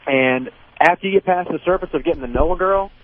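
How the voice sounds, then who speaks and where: A man's voice: fairly high pitch, fast. A man calling in to a radio show, asking his question in a polite, casual way over a phone line. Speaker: caller. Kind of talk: call-in question.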